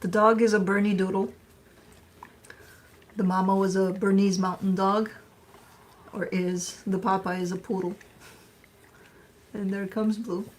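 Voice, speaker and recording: A woman chatting casually on a live stream, playful and talkative, with a husky voice. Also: mid-range voice, little pitch movement, unhurried, long pauses. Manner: chatty, playful, talks to her dog in baby talk. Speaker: tarot reader.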